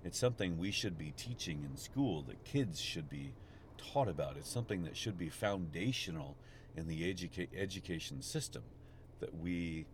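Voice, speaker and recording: A man's voice: sits low, expressive, moderate pace. A man hosting a casual podcast while driving, rambling with many restarts. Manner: rambling, restarts often, gets frustrated in traffic. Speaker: podcast host. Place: inside a car in traffic. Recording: road noise from a car. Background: vehicle and road noise.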